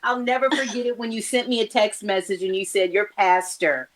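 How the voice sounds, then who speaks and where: A woman's voice: a little high, fast, a crowd in the background. A woman hosts a church program, speaking in an encouraging way to her guest. She quotes scripture as she talks. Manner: warm encouraging, scripture-quoting. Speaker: host.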